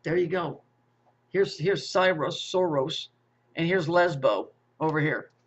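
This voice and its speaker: A man's voice: a little high, a little slow, creaky. Man ranting with stammered restarts. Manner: profane, repetitive, with stammered restarts and rhetorical questions. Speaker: conspiracy commentator. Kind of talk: rambling monologue. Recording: muffled lo-fi audio.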